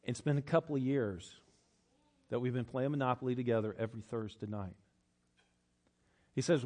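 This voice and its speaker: Preacher man, soft then loud. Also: medium pitch. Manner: swings from hushed to loud, slows down to stress points. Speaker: pastor. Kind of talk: sermon.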